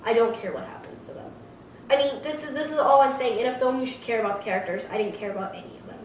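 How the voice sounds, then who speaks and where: A woman's voice: fairly high pitch, fast, a little hiss or hum. A woman co-hosting a movie review podcast, talking bluntly and with strong opinions. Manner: blunt, opinionated, animated with mock voices. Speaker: podcast co-host. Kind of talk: casual movie review chat. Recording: echoey room, distant mic.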